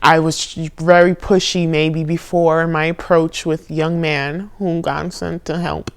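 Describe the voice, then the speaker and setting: A young woman speaks into her phone camera in a candid confessional vlog. Her voice sits a little low. She drifts between quiet, murmured asides and sudden loud, profane outbursts. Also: flat delivery, a little slow, clean tone. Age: young adult. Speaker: spiritual vlogger.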